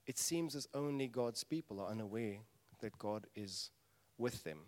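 A man preaching a sermon, telling the story animatedly and acting out voices with sudden loud bursts. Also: mid-range voice, animated, moderate pace. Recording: long reverb of a large hall.

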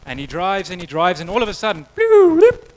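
A man delivering a sermon in an easy storytelling manner, his voice sitting a little high. The recording carries clear background noise. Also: fast, a bit bright, low-quality recording. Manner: storytelling, conversational with acted quotes. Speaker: preacher.

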